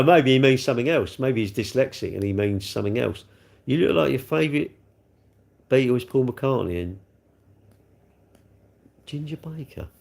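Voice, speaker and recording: A man in his sixties with a gravelly voice, hosting a casual live stream, chatting and joking as he answers viewer comments. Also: mid-range voice, a little mellow. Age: 60s. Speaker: livestream host reading chat.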